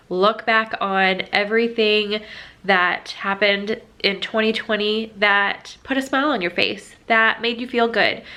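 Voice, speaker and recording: A young adult woman vlogger in an emotional, heartfelt sit-down chat, halting and tearful at times. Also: medium pitch, sharp tone.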